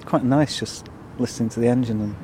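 A middle-aged man, a vintage bus owner, answering questions in a relaxed way with chuckles. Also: medium pitch, fairly quick, background noise.

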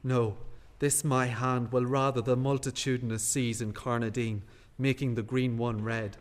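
An actor playing a guilt-haunted nobleman in classical stage style, hushed and brooding. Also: mid-range voice, little pitch movement, normal speed, close to an everyday voice. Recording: long hall reverb.

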